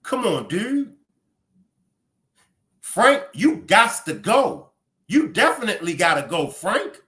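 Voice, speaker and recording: Animated, profane man hosting a commentary stream. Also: sits high, takes it slowly. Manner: blunt and profane, scolding outbursts. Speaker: commentary livestream host. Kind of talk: heated commentary.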